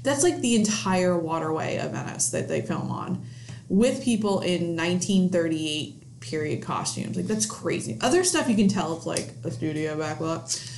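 A woman co-hosting a casual movie podcast, lively and quick to laugh, saying "like" often. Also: fairly low pitch, a little hiss or hum. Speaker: podcast co-host. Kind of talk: casual chat. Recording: echoey room.

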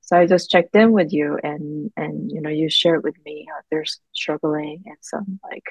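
A woman hosting as a holistic healer, who speaks encouragingly and adds soft murmured affirmations. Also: sits low, normal speed, gravelly, breathy edge, dry recording, rough recording. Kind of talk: supportive conversation.

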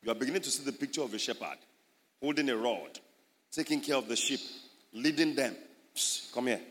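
A man's voice: medium pitch, fairly quick, a bit bright. A man with a Nigerian English accent preaching a sermon, emphatic and teaching, acting out little scenes. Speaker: pastor. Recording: echoey hall.

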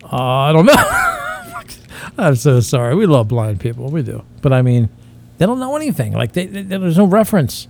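Rambling, profane comedian with a lively voice. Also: male voice, a little high, moderate pace, vocal fry, breathy edge. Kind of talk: crude comedic banter.

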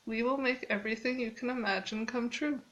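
A woman reading aloud as the first woman, gentle and quiet-voiced. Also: fairly high pitch, steady tone, brisk, muffled recording, close to an everyday voice.

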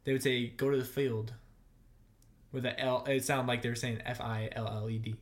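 A young man from the northern United States chatting casually on a podcast, rambling, joking and quick to laugh. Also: mid-range voice, flat delivery. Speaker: podcast co-host.

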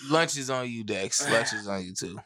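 A man co-hosting a podcast, joking and teasing in an animated, laughing way. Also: fairly low pitch, normal speed, dry recording, clean studio sound. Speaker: podcast co-host. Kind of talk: casual chat.

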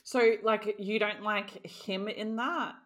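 Woman, podcast co-host, mid-pitched voice, blunt, teasing, casual. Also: steady tone, slow. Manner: blunt, teasing, swears freely. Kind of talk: casual book chat.

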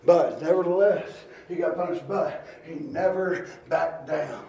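Man, preacher, fiery sermon, high voice, shouting then hushed, echoey church. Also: unhurried, distant mic. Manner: swings between quiet storytelling and shouted exhortation.

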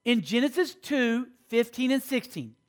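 A very high-pitched, highly animated male voice, at a moderate pace, delivers a sermon to a school audience. He frequently pauses to ask questions, using call and response to make sure listeners are following.

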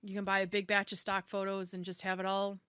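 A woman hosts a podcast in easy, casual chat, slipping into lively acted-out exchanges when she tells a story. Her voice sits at a middle pitch. The recording is dry and close, with little room sound. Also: quick pace, clean tone, no room sound. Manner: animated storyteller, acts out quoted exchanges. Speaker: podcast host.

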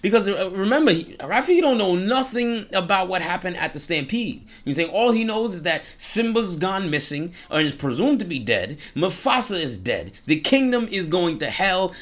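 A man with a high, fairly bright voice tells a story casually, full of slang. He keeps breaking off into preachy asides about hope, giving the tale a moral message.

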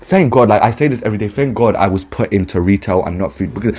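A man's voice: lowish voice, quick pace, darkish tone, breathy edge. A young man, ranting casually and profanely about customers while telling retail stories for a podcast. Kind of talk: casual storytime rant.

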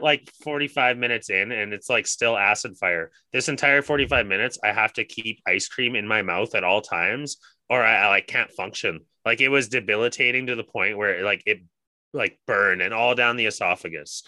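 Bright, dry-voiced young man telling a story. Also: lowish voice, moderate pace, no echo. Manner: rambling, profane, heavy use of "like". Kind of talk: casual storytelling chat.

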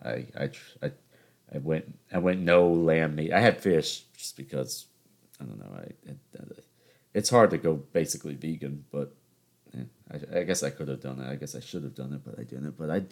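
A man's voice: very deep voice, moderate pace, creaky. A young man hosting a podcast alone, rambling through stories in a joking, off-the-cuff way. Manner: rambling, joking, self-interrupting. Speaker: podcast host. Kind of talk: casual solo monologue.

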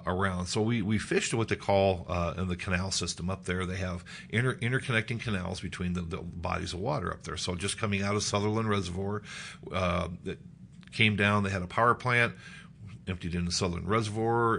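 A middle-aged man from Nebraska tells a personal story with a low, gravelly voice. He lifts his voice to act out what people said. Faint noise sits under the recording. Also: fairly quick. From Nebraska, United States. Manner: animated storyteller, acts out quotes in a raised voice. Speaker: guest.

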